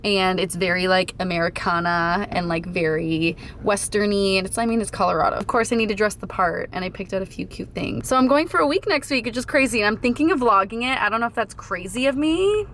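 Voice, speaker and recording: Young female vlogger, chatty and effusive, mid-pitched voice, raspy fry. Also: fairly quick, few pauses, fairly bright tone, a little hiss or hum. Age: young adult. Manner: gushing, chatty, says "like" constantly. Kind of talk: casual chat to camera. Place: home, then in a car.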